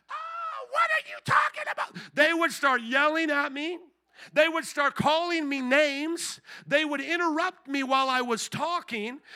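A man preaching a sermon as pastor, animated and acting out the voices he quotes. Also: very high-pitched.

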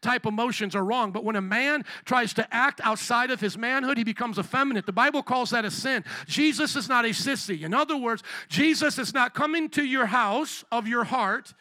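A man's voice: very high voice, moderate pace, few pauses, bright, forceful tone, dry recording. A man preaching a sermon as pastor, blunt and direct, acting out little voices of other people as he makes his points.

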